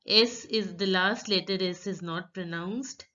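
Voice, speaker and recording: A woman teaching French pronunciation, reading words out slowly and explaining each sound step by step. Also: medium pitch, bright, forceful tone. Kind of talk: slow pronunciation lesson. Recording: dull lo-fi recording.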